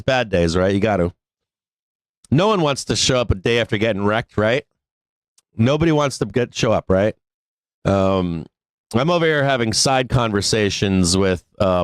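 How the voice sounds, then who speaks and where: A man with a lowish voice hosts a live stock market stream in a loose, rambling way. He swears freely and laughs as he talks. The sound is dry and close, with no room behind it. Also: clear, resonant tone, no echo. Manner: rambling, profane, laughs often. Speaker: host of a live stock trading show. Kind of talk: casual live-stream talk.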